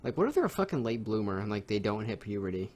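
A man's voice: fairly low pitch, big pitch swings, fast talker, a little mellow. A young man co-hosting a casual podcast. He talks loosely and swears freely. His delivery is unpolished and conversational. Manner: loose, profane banter. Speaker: podcast co-host. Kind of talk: casual chat.

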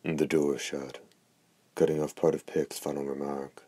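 A man narrating an audiobook in a steady, even reading voice. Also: rumbling low, unhurried, dry recording. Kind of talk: scripted narration.

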